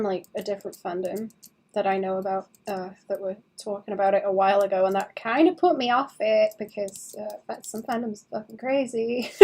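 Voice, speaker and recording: A young woman streamer chatting casually and rambling while she draws, sleepy and quick to laugh. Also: medium pitch, warm tone, slightly rough. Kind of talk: casual chat while drawing.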